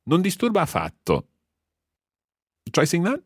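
A man's voice: sits high, wildly swooping pitch, normal speed, no echo, studio quality. A man teaching a podcast language lesson, explaining patiently step by step and quizzing his learner.

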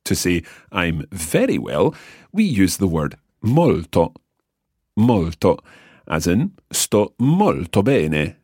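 In a very deep, slightly husky and a little mellow voice, a man leads a language lesson with huge pitch swings, patiently explaining and slowly sounding out each word. It's a dry, close recording with no echo or room sound.

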